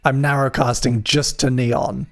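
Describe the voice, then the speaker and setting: A man's voice: medium pitch, flat delivery, measured pace, fairly bright tone. A man hosting a live music stream, chatting casually with wry, self-deprecating jokes.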